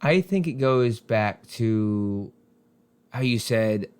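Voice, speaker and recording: A young man co-hosting a casual TV review chat, reasoning through plot points in a relaxed way. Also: medium pitch, slow pace, smooth. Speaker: podcast co-host reviewing a TV series.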